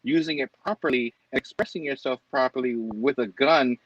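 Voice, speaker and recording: A man's voice: mid-range voice, a little fast, highs cut off. A man co-hosting a casual podcast, arguing his point and stammering as he starts.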